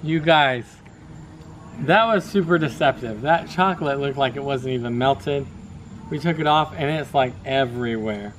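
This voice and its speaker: Easygoing American dad at the grill. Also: male voice, mid-range voice, moderate pace, fairly bright tone, a little hiss or hum. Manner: easygoing, talks straight to camera. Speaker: family vlogger. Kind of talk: casual vlog chat. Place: backyard grill outdoors.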